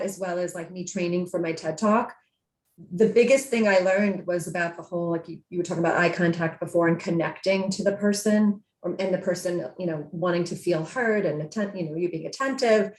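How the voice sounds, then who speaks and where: A woman's voice: lowish voice, steady tone, moderate pace, reverberant. A woman co-host talking casually, rambling with many fillers and restarts. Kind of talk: casual podcast chat.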